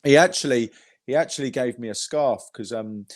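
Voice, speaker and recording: A man's voice: mid-range voice, moderate pace, dry recording. A man guest telling rambling, sweary fan anecdotes in casual chat, with an English accent. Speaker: podcast guest, football fan.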